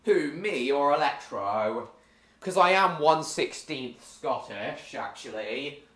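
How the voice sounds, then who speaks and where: A man's voice: on the high side, expressive, takes it slowly, fairly bright tone, reverberant. A man chatting casually on a live stream while gaming, answering viewers by name with many hesitant ums.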